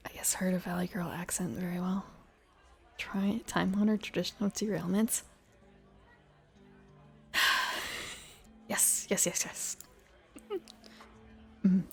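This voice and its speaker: A woman softly reading game rules aloud in an ASMR whisper, musing to herself between passages. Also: mid-range voice, creaky, husky. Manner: soft, musing asides between rule text. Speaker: ASMR reader. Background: faint ambient music.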